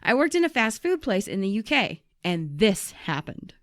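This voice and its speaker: A woman's voice: medium pitch, sing-song, moderate pace. A woman co-hosting a casual podcast, reading out listener stories and laughing often. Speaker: podcast co-host.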